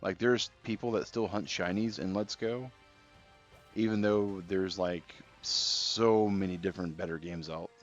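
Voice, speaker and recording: A man streaming a video game and chatting casually with viewers, relaxed and rambling, with many fillers and restarts. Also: low-pitched, unhurried. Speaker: gaming livestreamer. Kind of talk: casual live-stream chat while playing. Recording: slightly dull stream audio with faint game music.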